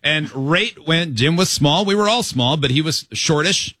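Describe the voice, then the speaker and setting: A man's voice: a little high, moderate pace, no echo, studio quality. A man hosting a radio show, telling a childhood story in a casual, comedic way and acting out the voices. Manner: animated storyteller, acts out voices with yelps.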